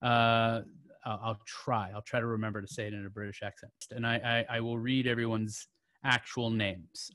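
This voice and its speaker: A man's voice: medium pitch, fairly bright tone, no room sound. A man hosting a poetry open mic over a video call, chatty and joking, with many fillers and restarts.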